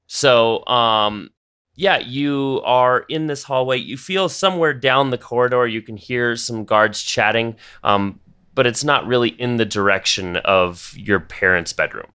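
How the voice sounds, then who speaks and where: A man narrating a tabletop game as game master, halting and full of fillers. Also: medium pitch, sharp tone, smooth.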